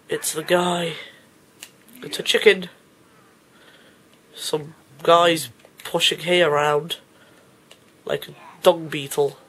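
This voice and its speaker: A man giving excitable, panicky let's play commentary, often laughing and shouting. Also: fairly high pitch, extremely slow, long pauses, slightly rough, rough recording. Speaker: gamer.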